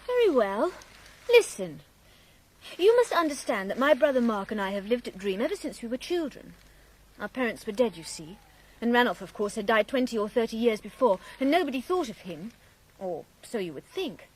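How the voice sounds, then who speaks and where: A woman's voice: fairly high pitch, sing-song, moderate pace, slightly rough, rough recording. An actress playing a playful, teasing young woman from an old family in a radio drama, telling a yarn. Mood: storytelling. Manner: teasing, lilting, storytelling. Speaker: Miss Raven.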